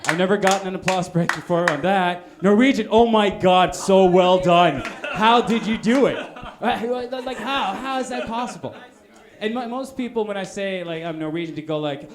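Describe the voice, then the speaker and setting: A man's voice: high voice, moderate pace. A man from Norway doing a live stand-up set in a comedy bar, rambling with stammered restarts and punchy asides.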